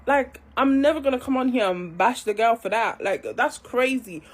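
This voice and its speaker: Woman, higher voice, breathy, exasperated rant, scolding. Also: moderate pace. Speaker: commentator. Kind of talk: ranting commentary.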